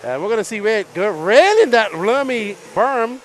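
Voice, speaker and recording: High-voiced excitable male race announcer. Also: moderate pace, slight background noise. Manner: excitable, laughs often between calls. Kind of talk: live RC race commentary.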